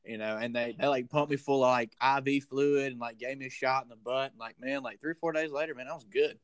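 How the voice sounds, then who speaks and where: A man's voice: medium pitch, fairly even intonation, quick pace, smooth, dry recording. A man on a casual podcast, talking in a laid-back way with lots of filler words. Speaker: podcast co-host. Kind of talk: casual chat.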